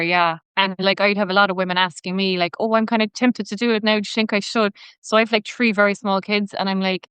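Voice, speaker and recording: Irish woman, thirties, podcast guest, mid-pitched, very clear crisp voice, chatty, filler-heavy. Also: a bit bright, no room sound. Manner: chatty storytelling, many "like" fillers. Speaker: podcast guest, personal trainer. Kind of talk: casual interview chat.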